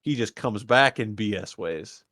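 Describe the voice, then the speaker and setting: A man's voice: lowish voice, lively intonation, unhurried, fairly bright tone, no echo, clean studio sound. A man co-hosting a casual podcast, recapping a horror film with wry, opinionated comments. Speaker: podcast co-host. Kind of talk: casual movie-review chat.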